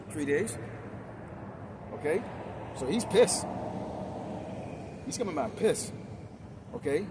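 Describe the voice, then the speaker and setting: A man preaching a fiery street sermon in a fairly high voice, loud and confrontational and hurling crude insults. He speaks outdoors beside a busy street, with heavy traffic roaring over the recording.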